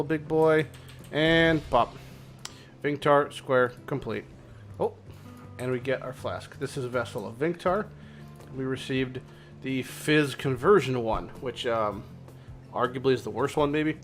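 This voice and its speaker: A man hosting a gaming channel, giving casual gameplay commentary in a relaxed way with filler words. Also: medium pitch.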